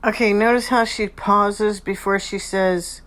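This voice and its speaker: Hosting her own channel, a woman picks apart other people's speech from video clips, rambling and circling back over the same points. Her mid-range voice is steady, unhurried and a bit bright.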